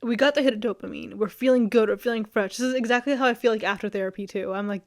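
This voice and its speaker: A woman's voice: a little high, fast talker, few pauses. A young woman vlogging in a loose, rambling chat, full of fillers, easy laughs and casual swearing.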